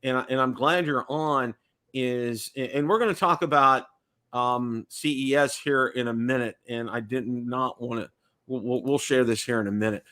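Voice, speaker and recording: Bright-voiced American man hosting a livestream. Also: medium pitch, normal speed. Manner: rambling, repeats words, checks in with "okay?". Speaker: livestream host. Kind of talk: casual livestream chat.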